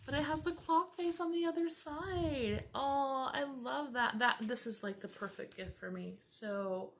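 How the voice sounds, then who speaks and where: Female vlogger, gushing unboxing chat, unhurried, noisy room. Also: high voice, fairly bright tone. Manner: gushing, gasping and laughing often. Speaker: vlogger opening gifts.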